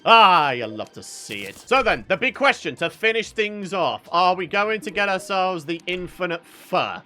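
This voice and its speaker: A man hosting a gaming video, giving excitable let's-play commentary, talking to himself and breaking into loud outbursts and laughs. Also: high voice, moderate pace, a little hiss or hum.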